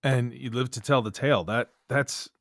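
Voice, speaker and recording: A man's voice: mid-range voice, steady tone, normal speed, fairly bright tone, no echo, clean studio sound. A man hosting a podcast interview, asking curious questions and laughing along with the guest. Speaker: podcast host.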